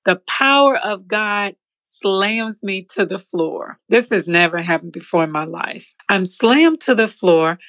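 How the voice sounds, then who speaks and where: A woman guest telling her faith testimony in an interview, expressive and laughing often as she acts out the scenes. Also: mid-range voice, measured pace. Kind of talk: animated storytelling.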